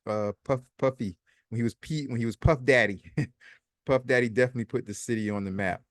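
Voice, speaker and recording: A man's voice: medium pitch, a little fast, dry recording, clean studio sound. A man hosting a casual commentary vlog, chatty and sarcastic, reading posts aloud and adding his own comments. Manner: chatty, sarcastic, repeats himself. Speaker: host.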